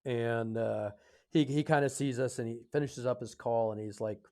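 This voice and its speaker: A man in his fifties from the United States, a podcast guest telling a story in a loose, conversational way. He hesitates often, filling gaps with ums and correcting himself mid-sentence. His voice sits at an ordinary middle pitch for a man. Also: fairly even intonation, warm tone. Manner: halting, full of fillers and self-corrections. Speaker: podcast guest, retired Air Force officer.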